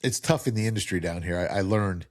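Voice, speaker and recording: A man's voice: sits low, fast talker, no room sound, clean studio sound. A man in his fifties with a faint New Jersey accent, hosting a casual interview and telling rambling stories with many restarts. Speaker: podcast host.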